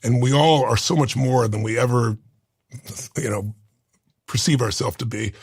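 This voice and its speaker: A man's voice: medium pitch, moderate pace, vocal fry, husky, no echo. A man in his sixties telling a personal story in an interview, earnest and heartfelt, close to tears at times. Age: 60s. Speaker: interview guest. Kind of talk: emotional storytelling.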